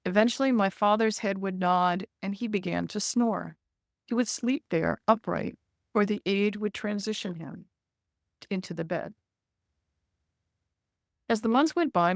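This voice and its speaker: A woman author reading her memoir in a measured, gentle way, then talking casually with frequent fillers. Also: mid-range voice, no echo, studio quality.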